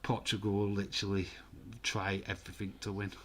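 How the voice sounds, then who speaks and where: A man giving casual, excitable live football commentary and reading out viewer comments. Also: on the low side, a little fast. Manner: chatty, excitable, reads viewer comments aloud. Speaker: host of a live football watch-along.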